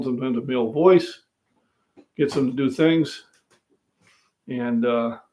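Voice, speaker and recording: A little mellow and mid-range, the voice belongs to an older man who hosts a fitness channel. He cooks in his home kitchen and rambles in a folksy style, speaking straight to viewers on a casual live stream. The recording is roomy, his voice off-mic.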